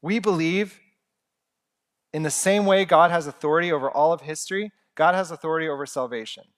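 A man's voice: on the high side, a little fast. A young man preaching a sermon in an earnest, conversational way with humorous asides.

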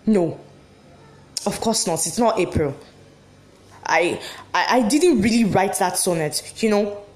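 A woman's voice: medium pitch, a little slow, a little mellow, lightly acted. A woman playing a manic heartbroken wife. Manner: swings between giddy laughter and bitter sarcasm. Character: heartbroken wife refusing a divorce, manic, laughing through tears. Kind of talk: dramatic monologue. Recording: echoey room.

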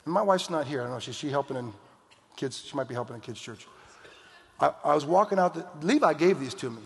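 Middle-aged American male pastor, fairly high voice, humorous sermon delivery, hall reverb. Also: expressive, quick pace, vocal fry. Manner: preaching with jokes and mock outbursts. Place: church hall.

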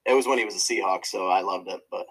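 A man's voice: low voice, fast talker, a bit bright, slightly rough, poor audio. A man co-hosting a podcast, chatting casually about sports, rambling with restarts and laughter. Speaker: podcast co-host.

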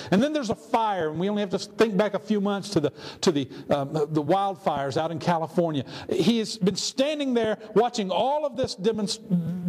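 A man's voice: high voice, a little mellow, husky. A man pastor preaching a sermon, telling a story earnestly with rhetorical questions. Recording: long hall reverb, faint ambience.

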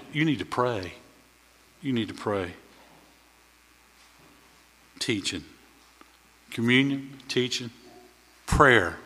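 A man preaches in a church, telling folksy stories with a bright, forceful voice. His voice swells louder at key points, and a long reverb trails after his words in the hall. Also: mid-range voice. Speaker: visiting preacher. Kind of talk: sermon. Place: church sanctuary.

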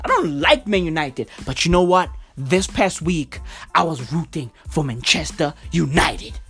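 A woman hosting a podcast, ranting about football in a profane, stammering, overexcited way. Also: a little high. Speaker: podcast host. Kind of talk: casual football rant.

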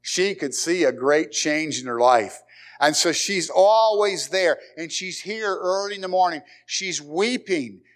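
A pastor preaching a conversational sermon in church, with dramatic pauses and repeated phrases. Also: male voice, high voice. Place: church sanctuary.

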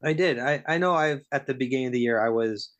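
A man's voice: mid-range voice, quick pace, fairly bright tone. A man co-hosting a podcast, talking in an earnest, openly emotional way. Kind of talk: casual podcast chat.

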